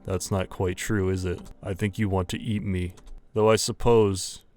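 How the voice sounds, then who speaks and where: A man voicing a menacing, soft-spoken young male villain in a horror game, slow and taunting. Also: low-pitched, flat delivery, faint music behind, voice pushed down, natural voice.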